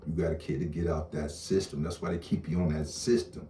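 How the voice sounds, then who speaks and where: Blunt, profane man ranting, deep voice. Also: steady tone, a little fast, few pauses, mellow, a little hiss or hum. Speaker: online commentator. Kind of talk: casual rant to camera. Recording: roomy echo, distant mic, faint ambience.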